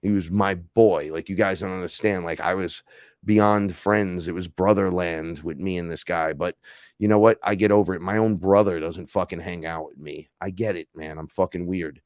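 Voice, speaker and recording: A man's voice: low voice, fairly even intonation, moderate pace, dry recording, clean studio sound. A man hosting a casual livestream, talking in a heated, rambling, profane way. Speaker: podcast host.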